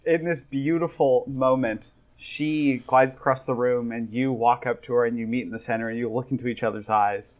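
A young man describing scenes as game master, loose and chatty with plenty of "like" and "um". His voice sits at an ordinary, middle pitch for a man, and he talks casually rather than performing. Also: steady tone, moderate pace, hardly any pauses. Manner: casual, rambling with many fillers. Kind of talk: narrating a tabletop game.

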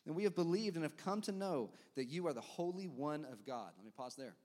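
Man pastor, fairly high voice, lively sermon delivery with quick asides to the congregation. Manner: animated preaching, quick asides to the congregation, acts out crowd reactions.

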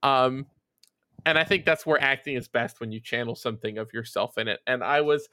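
A man's voice: mid-range voice, fairly quick, pushed and bright, dry recording. A man co-hosting a podcast, telling a long rambling story full of fillers and casual swearing. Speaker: podcast co-host. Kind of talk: casual chat.

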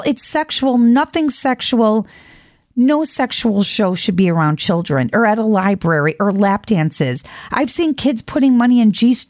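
A woman hosting an opinionated commentary monologue, blunt and emphatic, jumping to high exasperated outbursts. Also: dry recording, clean studio sound. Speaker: host.

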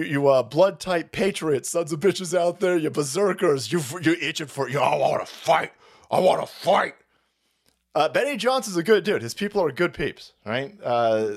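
A man hosting a live stream, delivering a crude, heated rant that swings into loud outbursts and laughter. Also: medium pitch. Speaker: show host.

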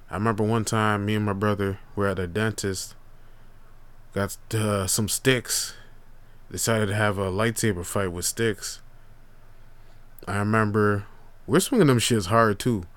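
With a lowish, clean-toned voice, this young podcast host spins relaxed stories, swearing heavily and speaking in easygoing slang with plenty of energy.

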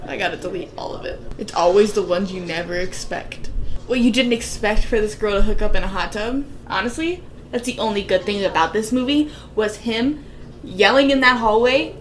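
A young woman co-hosting a casual podcast who laughs loudly and often and swears freely while chatting about a movie. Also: medium pitch, lively intonation. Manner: loud, giggly, swearing, quick bursts of laughter. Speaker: podcast co-host. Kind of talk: casual chat watching a movie. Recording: echoey room with faint hiss.

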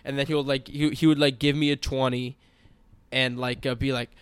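A man's voice: medium pitch, flat delivery, normal speed, clear, resonant tone, no echo. A young man co-hosting a casual podcast chat, talking bluntly with lots of swearing and emphatic storytelling. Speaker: podcast co-host.

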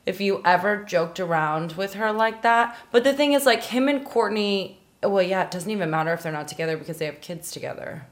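A woman co-hosting a casual podcast, chatty and quick to laugh at herself while guessing answers. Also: mid-range voice, lively intonation. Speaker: podcast co-host. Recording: echoey room.

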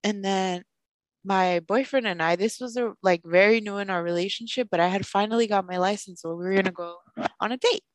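A young woman podcast host telling a personal story in a casual, animated way, with lots of "like". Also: mid-range voice, fairly quick, no echo. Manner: animated, fills speech with "like", acts out quoted voices.

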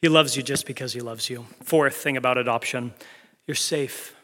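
A man's voice: mid-range voice, steady tone, moderate pace, sharp tone, long reverb tail. A male pastor preaching a sermon in a church, speaking earnestly and conversationally, asking the congregation questions. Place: church sanctuary.

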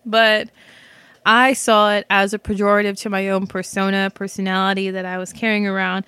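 A woman's voice: medium pitch, level tone, normal speed, pushed and bright, smooth, dry recording. A woman hosting her own show, talking through casual, self-reflective commentary that rambles, with lots of fillers, restarts and casual swearing. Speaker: podcast host. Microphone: microphone.

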